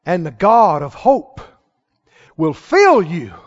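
A man preaching a sermon to a congregation, calling out questions and rising to shouts. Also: high voice, wildly swooping pitch, slow pace. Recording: dull hall recording with long reverb.

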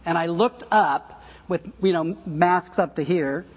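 An older man preaching a conversational sermon, full of asides and self-corrections and soft laughs at his own stories. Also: a little high, measured pace, breathy edge, dull audio. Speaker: pastor.

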